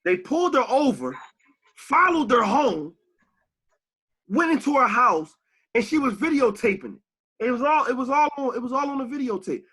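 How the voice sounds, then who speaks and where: Male podcast co-host, bright husky voice, very lively pitch, heated and profane. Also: normal speed, long pauses. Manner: animated, profane, rises to shouts when angry. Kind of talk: heated casual podcast talk.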